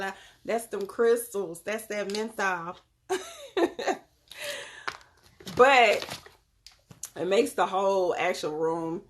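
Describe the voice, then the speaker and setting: Brief: young woman, deep voice with fry, relaxed chatty live-stream host talking to viewers through her phone. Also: slight background noise. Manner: chatty, talks straight to viewers by name. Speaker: live-stream host selling crystals and readings. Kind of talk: casual live-stream demonstration.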